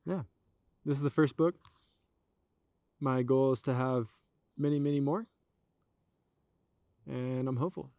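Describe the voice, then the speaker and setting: Soft-spoken young man, flat delivery. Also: medium pitch, measured pace, gravelly, long pauses, no echo. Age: young adult. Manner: soft-spoken, hesitant, trailing off. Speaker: poet reading his own book. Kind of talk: casual closing remarks.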